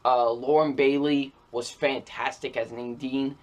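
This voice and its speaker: A man's voice: mid-range voice, fairly even intonation, unhurried. A man giving a casual, enthusiastic video game review, repeating his praise with lots of fillers.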